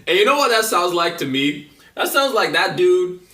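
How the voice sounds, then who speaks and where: A man's voice: high voice, very animated, moderate pace, bright, forceful tone. A man rambling through a casual vlog monologue, loose and joking, with lots of fillers and slang. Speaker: vlogger. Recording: roomy echo, mic at a distance.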